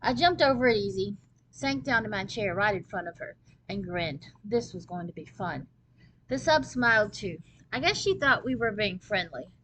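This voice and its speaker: A woman reads a children's novel aloud at a steady storytelling pace. Her voice sits at a middle pitch, and she narrates the first-person tale with easy expression. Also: normal speed, slight background noise, rough recording. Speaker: storybook reader.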